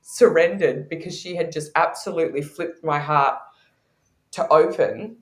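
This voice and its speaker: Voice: medium pitch, a little slow, reverberant. A podcast guest who teaches intuition, telling candid stories with frequent laughter in a conversational way.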